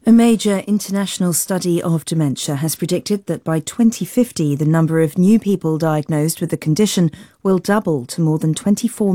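A woman newsreader delivering a formal, measured news bulletin. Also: sits low, dark tone, dry recording, studio quality.

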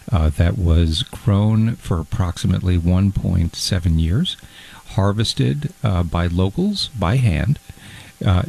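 A man playing fussy, gravelly Fondue Guy. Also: low-pitched, a little mellow, full character voice. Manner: pompous, hesitant, easily hurt. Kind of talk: comedy character bit.

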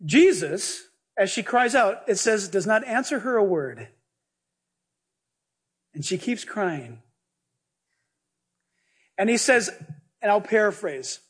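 High-voiced husky guy preaching, lively and jokey, tells stories. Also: slow, pauses often. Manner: animated, jokey, storytelling preacher. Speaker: pastor. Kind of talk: sermon.

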